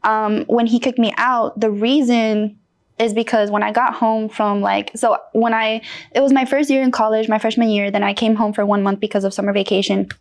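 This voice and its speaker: A woman's voice: fairly high pitch, level tone, moderate pace. A woman in her late twenties from North Carolina, a guest telling her story frankly and with animation, with many fillers. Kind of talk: candid personal interview.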